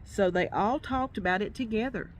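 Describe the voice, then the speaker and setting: Woman reading aloud at home-video level, mid-pitched, casual, with small asides. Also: a little hiss or hum. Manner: casual, pauses to comment on the book. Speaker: storybook reader.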